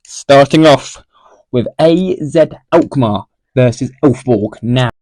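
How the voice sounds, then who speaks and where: A man's voice: medium pitch, slow pace, a little mellow. A man giving casual, unscripted football predictions, rambling, correcting himself and repeating phrases as he goes. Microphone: mic for home recording.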